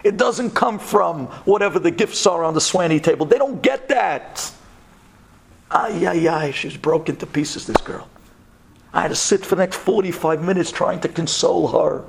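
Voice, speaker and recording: A man's voice: sits high, moderate pace, creaky, slightly rough. A man, a rabbi, telling a story dramatically and acting out the people in it. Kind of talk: storytelling talk.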